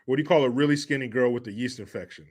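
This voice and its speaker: Man, casual livestream host, loose and joking, reads chat, mid pitch. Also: racing.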